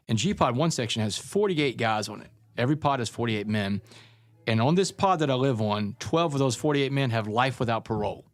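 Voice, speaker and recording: A man's voice: mid-range voice, no echo, clean studio sound. A man who is a guest author, telling his life story in an earnest, conversational way in an interview. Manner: earnest, conversational, calls people man and brother.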